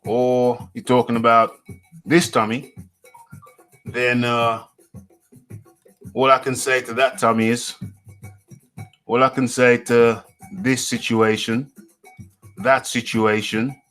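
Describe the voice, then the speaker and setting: A man's voice: mid-range voice, bright, forceful tone. A man from the UK hosting a live show, reading out the chat in a playful, repetitive way and chuckling often. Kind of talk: casual live-stream chat.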